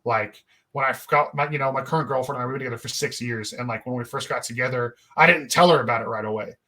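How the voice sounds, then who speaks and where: A man's voice: mid-range voice, fast, bright, forceful tone. A young man hosting a podcast, telling a long story in a rambling, profane, laid-back way. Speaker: podcast host. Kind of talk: casual storytelling chat.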